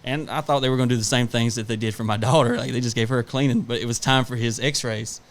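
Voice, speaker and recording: Fast and fairly even in intonation, a middle-pitched man with a drawl co-hosts a relaxed podcast. He freely curses while rambling about his kids and his job, performing the back-and-forth of each family story as casual chat.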